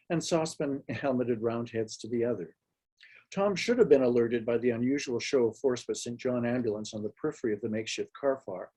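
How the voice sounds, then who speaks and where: A man reading his own fiction aloud at a live literary event in a small hall, measured and dryly wry. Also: mid-range voice, darkish tone, slightly rough.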